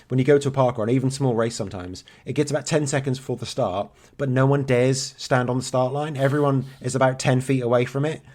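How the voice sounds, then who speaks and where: Fast-talking man on a podcast. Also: medium pitch, darkish tone. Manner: swears freely, chatty and rambling. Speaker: podcast co-host. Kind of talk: casual chat.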